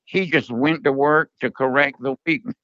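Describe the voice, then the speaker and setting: An older man telling stories from long ago as an interview guest, in a slow, earnest manner. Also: mid-range voice, steady tone, pushed and bright, dry recording, muffled recording. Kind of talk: storytelling interview.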